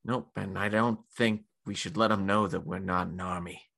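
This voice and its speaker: A man's voice: deep voice, steady tone, normal speed, creaky, a bit bright. A man playing a tabletop game over a call, talking in an easygoing, hesitant way. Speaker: player.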